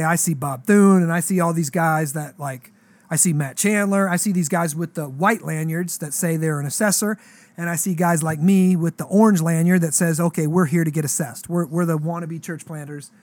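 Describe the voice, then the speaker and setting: A pastor in his thirties telling a story in casual chat, animated and slangy, acting out the voices in his dialogue. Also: high voice, dry recording.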